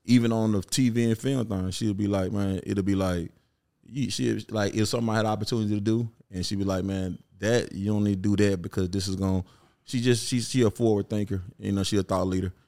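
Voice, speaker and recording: A man's voice: fairly low pitch, fairly even intonation, fairly quick, warm tone. A middle-aged man from Memphis with a Southern accent, chatting casually as an interview guest and rambling with lots of "you know what I'm saying.". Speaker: guest rapper and producer.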